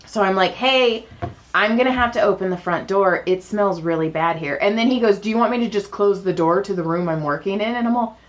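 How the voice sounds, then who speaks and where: A woman on a podcast, chatting casually and acting out what everyone said as she tells a story. Her voice sits at an ordinary middle pitch. The audio is a little dull and lo-fi. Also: fast talker, few pauses. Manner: animated, acts out quoted dialogue. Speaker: podcast co-host.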